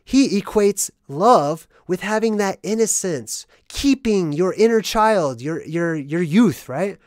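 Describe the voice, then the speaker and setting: A chatty video host talks at a medium pitch in a loose, rambling monologue, sprinkling "right?" after every point. The voice swings between loud, excited bursts and mumbled asides. The recording is dry and close, with no room echo. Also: takes it slowly. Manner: rambling, constant "right?" tag questions. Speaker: movie analysis vlogger. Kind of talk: casual monologue explaining hidden meanings.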